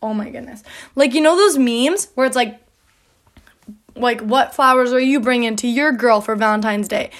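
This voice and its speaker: A woman's voice: on the high side, normal speed. A young woman, hosting a casual podcast, rambling and a little out of breath, full of "like" and laughter. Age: young adult. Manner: rambling, filler-heavy, with frequent "like" and laughs. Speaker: podcast host. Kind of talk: casual chat.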